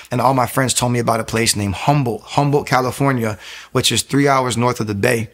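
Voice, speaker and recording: A young man telling his personal testimony in a rambling, animated way, with frequent restarts and acted-out quotes. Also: medium pitch, brisk. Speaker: testimony speaker.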